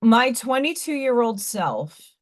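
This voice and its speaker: A woman's voice: fairly high pitch, sing-song, slow pace. A woman hosting a live stream, telling stories in a rambling, candid, blunt way. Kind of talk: casual chat.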